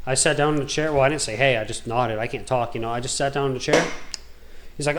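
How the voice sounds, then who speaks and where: Man, gaming video host, casual storytelling, rambling, slangy, animated. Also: medium pitch, fast talker, background noise.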